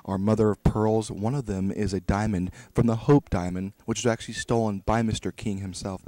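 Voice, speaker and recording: A man doing mock broadcast commentary as a co-commentator, deadpan and full of grandly exaggerated claims. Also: lowish voice, brisk, no room sound.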